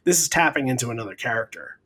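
A man's voice: mid-range voice, very animated, quick pace, a bit bright, breathy edge. A man hosting a casual podcast, talking through a live concert recording with a lot of repeated words and bursts of enthusiasm. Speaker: podcast host reviewing a concert. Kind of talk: casual music discussion.

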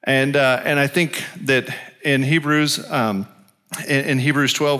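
Bright-voiced male pastor preaching. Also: medium pitch, flat delivery, a little slow, smooth. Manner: conversational, storytelling, many self-corrections. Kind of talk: sermon.

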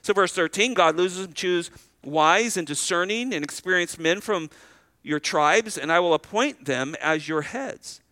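Bright-voiced middle-aged male pastor preaching. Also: high voice, animated, measured pace, no echo. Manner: conversational preaching, rhetorical questions, acts out little dialogues. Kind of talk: sermon.

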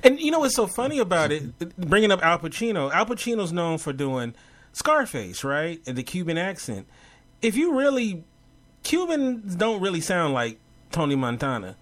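A man co-hosting a casual chat about favorite movies and TV, animated and laughing, with many fillers. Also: high-pitched, normal speed. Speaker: podcast co-host.

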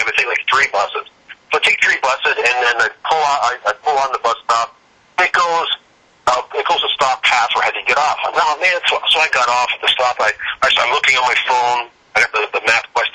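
A man's voice: medium pitch, pushed and bright, poor audio. A man in his forties, an actor, telling stories in a casual interview and acting out his own quoted lines. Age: 40s. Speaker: actor and guest.

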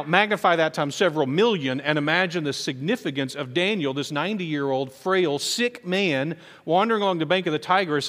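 Animated preacher in a reverberant hall. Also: male voice, on the high side. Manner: animated storytelling, acts out quoted voices. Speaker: pastor. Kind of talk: sermon.

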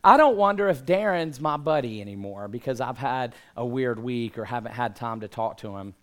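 A man's voice: mid-range voice, lively intonation, normal speed, fairly bright tone. A man in his thirties preaching a casual, conversational sermon to a congregation, slightly out of breath and building to emphatic calls. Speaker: pastor. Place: church hall with congregation.

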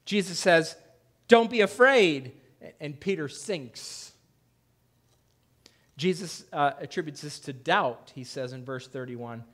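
A male pastor preaching a conversational sermon, acting out quoted lines with a raised, louder voice. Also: slow. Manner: conversational preaching, acts out quoted voices with rising pitch and loudness. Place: church.

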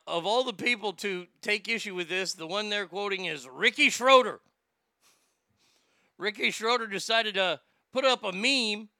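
A man's voice: high-pitched, sharp tone, smooth, no echo, studio quality. A male comedy host rambling through the news in a profane, sarcastic rant, often stammering and restarting.

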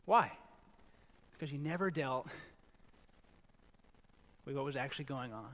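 A middle-aged male pastor preaching a sermon in a conversational, animated way, acting out little quoted lines. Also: medium pitch, measured pace. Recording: long reverb in a large hall.

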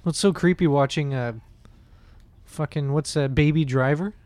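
Man, podcast co-host, fairly high voice, very dry close sound, loose swearing banter. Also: normal speed, darkish tone, no echo. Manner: laughs easily, swears casually. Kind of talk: casual comedy chat.

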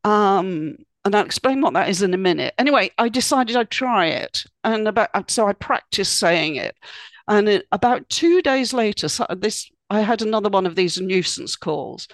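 A woman's voice: medium pitch, dry recording. Chatty woman, dry close sound. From United Kingdom. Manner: explanatory, chatty, with frequent "um" and "you know". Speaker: guest expert. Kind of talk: podcast interview advice.

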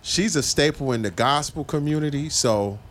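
A man's voice: on the high side, normal speed. A man in a casual podcast chat who hesitates and restarts his sentences when he is pressed.

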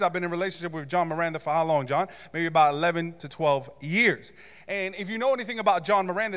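A man preaching a sermon as pastor, telling a comic story with loud shouts and mock gasping. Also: high voice. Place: church sanctuary. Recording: long hall reverb.

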